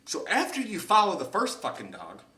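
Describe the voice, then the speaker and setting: Animated, foul-mouthed young man telling a story. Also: sits high, normal speed, distant mic. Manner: animated, profane storyteller who acts out other people's lines. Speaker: podcast host. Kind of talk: casual storytelling chat. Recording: echoey room, slightly off-mic.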